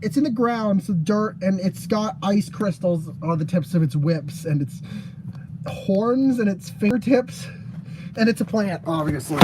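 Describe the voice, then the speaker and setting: A woman's voice: medium pitch, lively intonation, a little slow, background noise. A young woman casually reading out her fan-game designs to a friend, stumbling and laughing at her own ideas. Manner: giggly, stumbling and self-mocking.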